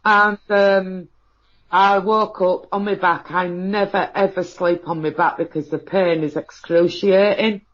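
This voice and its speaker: Halting woman, lo-fi. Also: on the low side, fairly even intonation. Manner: halting, many fillers and restarts. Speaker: guest. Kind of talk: emotional personal account. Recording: dull lo-fi audio.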